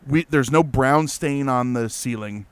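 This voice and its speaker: Smooth-voiced man telling a story. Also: mid-range voice, a little slow, no room sound. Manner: animated, lots of fillers and restarts. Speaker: guest telling a ghost story. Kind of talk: casual storytelling.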